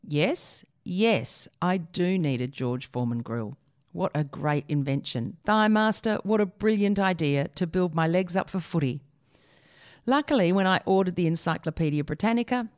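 A woman reads a comic essay aloud with a wry, dry touch. Her voice sits a little low. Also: a little mellow. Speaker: reader of an essay. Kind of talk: reading a humorous essay aloud.

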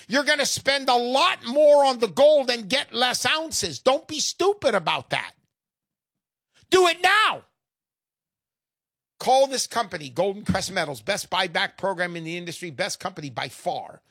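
An older man hosting a radio talk show, pitching in a brash, salesman-like way with rhyming quips. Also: expressive, normal speed, a bit bright, no room sound, studio quality. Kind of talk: gold investment talk radio.

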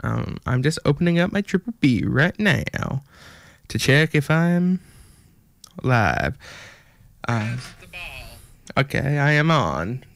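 A man's voice: mid-range voice, very animated, takes it slowly, vocal fry, long pauses, fairly bright tone, no echo. A young man hosting an online radio show in a put-on American country accent. He rambles casually and pokes fun at himself, with lots of fillers. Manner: rambling, self-deprecating, chatty with many fillers.

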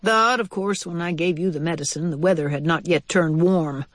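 A reader voicing an old male white mouse with a limp, cordial and measured in how he speaks. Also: mid-range voice, fairly bright tone, no echo, close to an everyday voice. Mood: reassuring.

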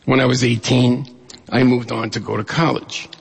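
A middle-aged man from New York State telling a humorous personal story to an audience in an animated way. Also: mid-range voice, moderate pace, creaky, slightly rough, in a large hall.

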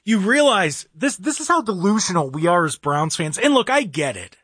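A man's voice: high voice, sing-song, normal speed, a bit bright, breathy edge, no room sound, clean studio sound. A young man ranting heatedly about his home team, exasperated and mocking, in sports commentary.

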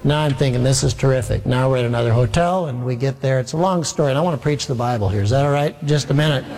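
A male pastor telling a wry, animated story during a sermon. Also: mid-range voice, quick pace, long reverb tail. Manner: animated, wry anecdotal delivery.

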